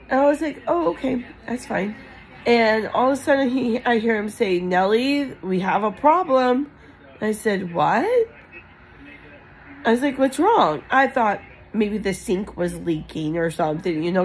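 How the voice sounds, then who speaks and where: A woman's voice: mid-range voice, low-quality recording. A woman vlogger telling a personal story in a rambling, emotional way with many fillers. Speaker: crafting channel vlogger.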